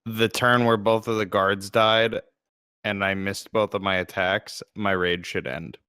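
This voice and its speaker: A man chats as a player in a tabletop game, laid-back and cursing freely. He talks very slowly in a smooth, clean voice that sits a little low. His mic is close, with a dry sound. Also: little pitch movement, sharp tone, no echo. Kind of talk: casual chat during a tabletop game.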